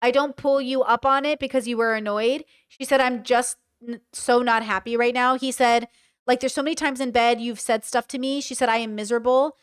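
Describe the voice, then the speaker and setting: A woman's voice: a little high, fairly even intonation, brisk, clean tone, no echo, studio quality. Woman reacting bluntly on stream. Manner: reads out text messages, reacts bluntly. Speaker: commentary streamer. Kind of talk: casual reaction commentary.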